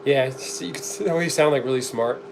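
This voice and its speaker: Middle-aged guy cooking on stream, deadpan jokes to chat, noisy background. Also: mid-range voice, brisk. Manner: dry, joking, talks to the camera while working, coughs often. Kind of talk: casual live-stream chat reading comments. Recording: clear background noise behind the voice.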